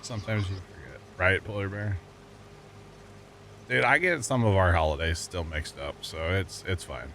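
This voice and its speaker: A man from the States with a fairly low voice talks loosely to his chat while he plays, drifting from topic to topic. He cracks puns, laughs at them himself, and keeps a relaxed, easygoing flow over a faint hiss in the background. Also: moderate pace. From United States. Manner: rambling, jokey, laughs often at his own puns. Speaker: livestreamer. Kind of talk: casual chat with viewers while gaming.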